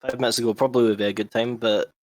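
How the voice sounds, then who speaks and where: A man's voice: mid-range voice, fairly even intonation, racing. A man running a tabletop game as game master, keeping things moving with casual chat and dry, wry humor.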